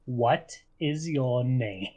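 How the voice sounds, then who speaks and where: A man's voice: mid-range voice, very slow, warm tone. A man voicing a polite but cruel male wizard who questions a prisoner with cold courtesy. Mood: menacing. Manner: courteous, coldly menacing.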